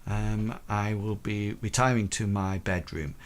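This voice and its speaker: Guy doing a proper old-money lady of the manor, stiff and formal, um-ing a lot, lowish voice. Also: fairly even intonation, a little hiss or hum, close to an everyday voice. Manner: formal, halting, with many ums. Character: stern aristocratic widowed lady of the manor.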